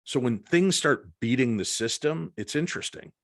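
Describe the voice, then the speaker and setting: A man's voice: mid-range voice, normal speed, no room sound, studio quality. A man, a paranormal investigator, telling an anecdote as a podcast guest and acting out the quoted lines. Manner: animated storyteller acting out quotes. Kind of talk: storytelling in a podcast interview.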